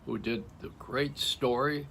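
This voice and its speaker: A man's voice: mid-range voice, fairly even intonation, measured pace, gravelly, pushed and bright, a little hiss or hum. An older man hosting, talking in a rambling, joking stream-of-consciousness monologue with frequent laughs, recorded at home. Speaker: radio host. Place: home in Florida.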